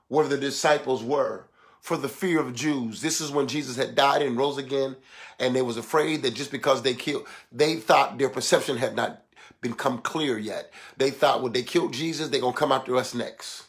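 A man preaching a sermon, swinging between emphatic shouts and hushed, low passages, calling out to his listeners. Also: normal speed. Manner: calls out exclamations and asks the listeners for response.

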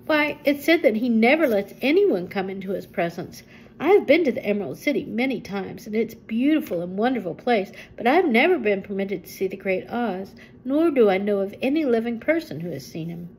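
An older woman voicing a kindly village man who explains things gently, in a storybook reading. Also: on the high side, lively intonation, brisk, slightly rough, rough recording. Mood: explaining. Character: kindly village man, hurt leg, knowing.

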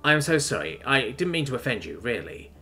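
Guy playing a friendly earnest ship captain, lively, bright voice. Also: mid-range voice, fairly quick, soft background music. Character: friendly human male captain, earnest and apologetic.

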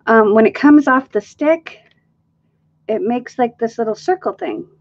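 A woman's voice: a little high, measured pace. Chatty woman demonstrating crafts on a lo-fi stream. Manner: chatty, thinking aloud while stirring and counting. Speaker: acrylic pouring artist hosting a live stream. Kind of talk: casual live craft demonstration.

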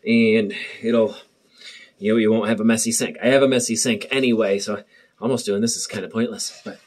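A man's voice: on the low side, level tone, fairly quick, darkish tone. A young man vlogging at home in his bathroom, nervous and rambling, joking to the camera, recorded on a muffled built-in camera mic. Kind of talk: casual chat to camera.

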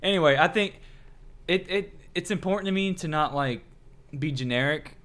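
A man's voice: on the high side, moderate pace, a bit bright. A man hosting a casual late-night podcast, rambling through stories and acting out quotes. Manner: rambling storyteller, acts out quotes. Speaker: podcast host.

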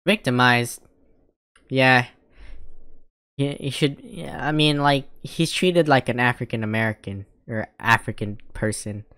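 A woman giving loud, profane, mocking commentary while reacting to a video, often laughing. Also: extremely low pitch, a little slow, smooth, no room sound, studio quality.

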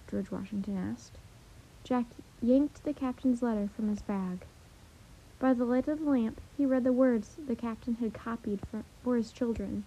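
A woman's voice: a little high, normal speed, dark tone, husky. Woman reading a children's book aloud. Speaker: storyteller. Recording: dull lo-fi audio.

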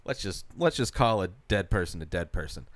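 A man talking casually on a podcast, his pitch bouncing up and down as he tosses out blunt opinions laced with swearing. The sound is dry and close, with no room around it. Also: lively intonation, no room sound. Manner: swears freely, quick offhand opinions. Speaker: podcast co-host. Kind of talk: casual chat.

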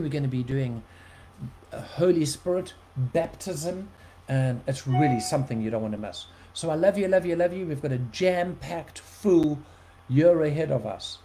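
A man delivers a sermon, his voice sitting slightly high yet mellow and relaxed. He tells his story with lively swings between quiet and loud. A faint hum of ambient noise lies under the recording. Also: poor audio. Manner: animated storytelling, shifting loud and soft. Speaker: preacher.

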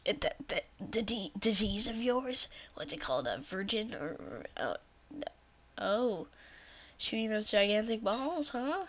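Brief: unhurried woman gamer, silly rambling commentary, whispered asides. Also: mid-range voice, noisy background. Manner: bursts into excited shrieks. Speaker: let's play commentator. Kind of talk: gameplay commentary.

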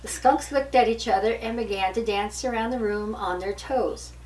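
A woman's voice: medium pitch, normal speed, a little mellow, roomy sound. An older woman reading a picture book aloud to her grandchildren. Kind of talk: storybook read-aloud. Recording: distant mic with faint hiss.

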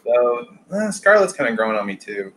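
A man co-hosting a casual toy chat, speaking in a relaxed, offhand way with some casual swearing. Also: medium pitch, brisk, poor audio. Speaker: co-host on live chat. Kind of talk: casual live chat about toys.

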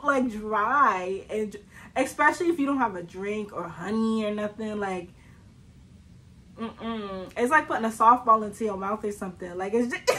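A young Southern US woman vlogs casually to camera, telling chatty stories packed with fillers and frequent laughter. Her mid-range voice has a sharp tone and a moderate pace, though the audio quality is poor.

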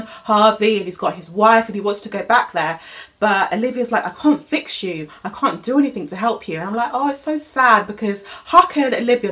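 Rambly young woman vlogger, casual episode recap, mid-pitched. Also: a bit bright. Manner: chatty and rambling, many fillers and restarts.

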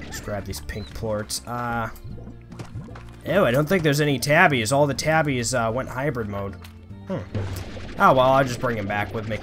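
A man's voice: medium pitch, expressive, normal speed, pauses often, a bit bright, soft background music. A young man giving playful, chatty let's-play commentary, talking to the creatures in his game. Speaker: gaming YouTuber.

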